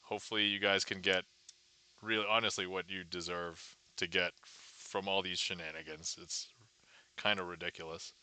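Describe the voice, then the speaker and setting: A man's voice: low voice, flat delivery, normal speed, bright, forceful tone, a little hiss or hum. A man hosting a casual magic livestream, chatting with viewers and reading their messages aloud. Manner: chatty, greets viewers and reads chat aloud.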